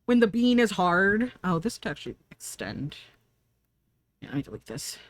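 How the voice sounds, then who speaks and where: A woman's voice: medium pitch, sing-song, normal speed, no room sound. A woman streamer chatting casually while she draws, rambling from thought to thought, laughing often and answering her chat.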